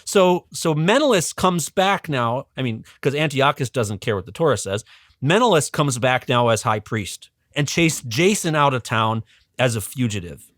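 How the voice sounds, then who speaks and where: A man, a guest educator, telling a history story on a podcast in a casual, animated way, chuckling often and restarting his sentences. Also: mid-range voice, moderate pace, dry recording, studio quality.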